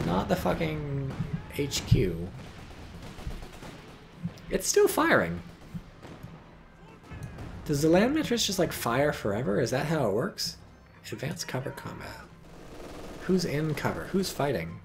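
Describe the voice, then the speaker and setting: Gravelly, animated male game commentator. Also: fairly high pitch, slow, long pauses, faint music behind. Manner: sarcastic, profane, reads chat aloud. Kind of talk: casual game replay commentary.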